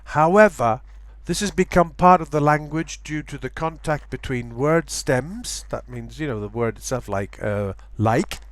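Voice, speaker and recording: A man teaching English pronunciation in a lecture, saying example words slowly and repeating them to show the sounds. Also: a little high, no room sound.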